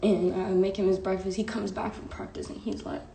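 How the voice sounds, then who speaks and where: A woman's voice: mid-range voice, level tone, brisk, vocal fry, warm tone. A young woman, telling a candid, emotional story to her live-stream viewers with lots of "like" and "bro.". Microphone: phone live stream. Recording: echoey room with faint background hiss.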